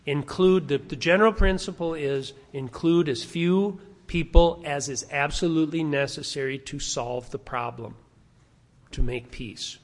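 A man's voice: on the high side, a little slow. Emphatic preacher man, echoing hall. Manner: emphatic, repeating rhetorical questions. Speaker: pastor. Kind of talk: sermon. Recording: long reverb of a large hall.

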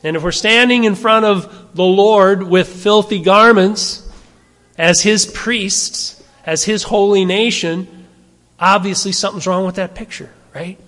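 High-voiced preacher in a reverberant hall. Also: male voice, fairly even intonation, unhurried, fairly bright tone. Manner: conversational, asks the audience rhetorical questions. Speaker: pastor. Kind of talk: sermon.

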